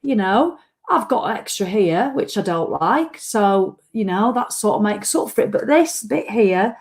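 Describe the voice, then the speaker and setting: A woman's voice: mid-range voice, lively intonation, unhurried. A tired woman, ranting bluntly and swearing freely as she hosts a casual live-stream chat. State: tired after a run. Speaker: vlog host.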